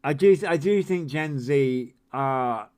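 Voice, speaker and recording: A man in his forties hosts a relaxed livestream, answering viewer comments as he rambles. His voice is smooth and clean, and he takes his time between swear-laden, disbelieving asides. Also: mid-range voice, slow. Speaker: livestream host. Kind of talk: casual livestream chat reading viewer comments.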